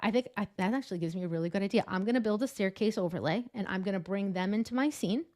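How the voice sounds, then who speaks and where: A woman, an adjunct professor of public speaking, explaining vocal tips on a video call in an enthusiastic, animated way. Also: mid-range voice, fast talker. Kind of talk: casual interview chat.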